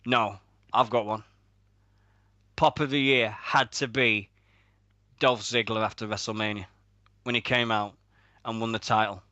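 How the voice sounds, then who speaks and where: A British man with a bright, forceful voice co-hosts a radio show in loose, sweary banter and laughs at his own stories. He is recorded up close and dry, with no room sound. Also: on the low side, steady tone, a little slow, pauses often, no echo. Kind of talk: casual podcast banter.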